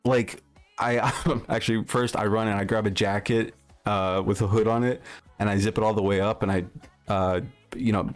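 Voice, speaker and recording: Low-voiced man rambling on a livestream. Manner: rambling anecdote with profanity and frequent restarts. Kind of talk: casual livestream chat, reacting to chat.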